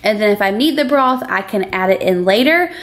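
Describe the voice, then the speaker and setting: A woman's voice: mid-range voice, lively intonation, brisk. A young woman, chatting casually to viewers while she cooks in her home kitchen. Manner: chatty, addresses viewers as y'all. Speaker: cooking vlogger. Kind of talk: casual cooking vlog.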